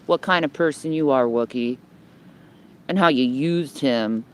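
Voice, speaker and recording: A woman's voice: very deep voice, unhurried. A woman livestreaming on her phone from outdoors under a building, ranting bluntly and swearing heavily, repeating herself as she rambles. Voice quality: heavy swearing, blunt and combative. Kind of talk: homeless livestream rant. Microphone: phone held by the speaker.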